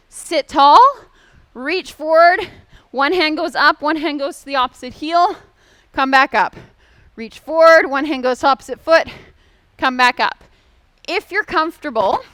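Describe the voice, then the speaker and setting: A young woman with a Canadian accent coaches an exercise class in a high, bright voice. She calls out moves and counts with upbeat encouragement. The sound is close and dry, with no room echo. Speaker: exercise instructor.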